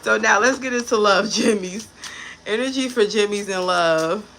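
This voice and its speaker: A woman's voice: mid-range voice, normal speed, fairly bright tone, a little hiss or hum. A woman giving a casual tarot reading to camera, blunt and profane, with chatty asides about people she has met. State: pregnant. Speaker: tarot reader.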